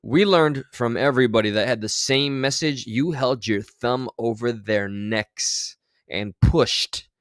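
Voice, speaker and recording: A man's voice: mid-range voice, no room sound. A man streaming, giving casual, sarcastic and rambling commentary on clips.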